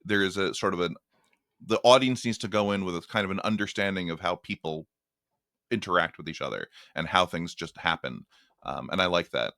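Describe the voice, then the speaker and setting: A thoughtful man talks about film as a podcast guest, his voice low and recorded dry and close. He pauses, restarts his sentences and circles back to find his point. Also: pushed and bright, no room sound. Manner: thoughtful, halting, many restarts. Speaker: podcast guest, writer and critic. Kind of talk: casual film discussion.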